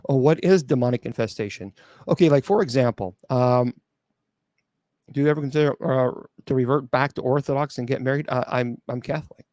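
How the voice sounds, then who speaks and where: A man's voice: mid-range voice, fairly quick, darkish tone, dry recording, clean studio sound. A middle-aged man hosting a live call-in show as a bishop, answering chat questions bluntly and sarcastically, with many restarts and filler sounds. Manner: blunt and sarcastic, mocking doubters in mimicked voices. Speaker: radio show host and exorcist bishop.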